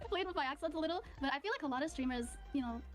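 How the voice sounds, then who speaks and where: High, fast-talking woman streamer. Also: lively intonation, soft background music. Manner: rambling, laughs often, many fillers. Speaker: streamer guest. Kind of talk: casual stream chat.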